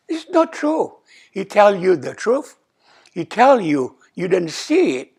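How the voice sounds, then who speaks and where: Older monk giving a slow sermon. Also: male voice, high voice, wildly swooping pitch, creaky, a little mellow, husky. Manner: non-native English, simple repetitive phrasing, asks "okay?"; acts out quoted dialogue with rising emphasis. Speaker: abbot giving a dharma talk. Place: temple hall.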